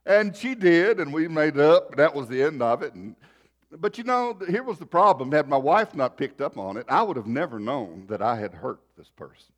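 Lively-voiced pastor. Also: male voice, fairly high pitch, normal speed. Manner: folksy storytelling, shifting loud and soft. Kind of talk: sermon with personal story.

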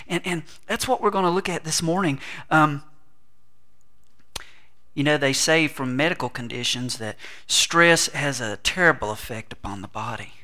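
A middle-aged man preaching a sermon with animated delivery, humorous asides and quoted voices. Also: fairly high pitch, normal speed. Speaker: pastor.

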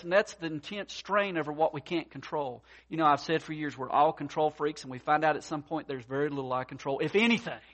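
A man preaching with a slightly raised, lively pitch. He talks in a folksy way with plenty of fillers and repeats. His sermon swings between quiet asides and loud bursts. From mountain region. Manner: expressive, swings from soft to loud, acts out worried voices. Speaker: pastor.

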